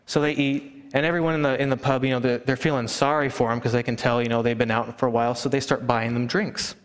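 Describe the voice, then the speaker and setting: A man preaching a sermon, telling stories and acting out hushed family chatter. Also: medium pitch, quick pace. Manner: animated storyteller, acts out hushing relatives. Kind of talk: sermon with storytelling. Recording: long hall reverb.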